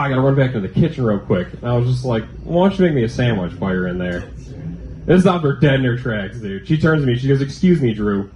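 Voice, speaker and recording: A man doing a stand-up set, telling a deadpan story with lots of filler "like". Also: mid-range voice, reverberant, slight background noise, low-quality recording. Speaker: stand-up comic.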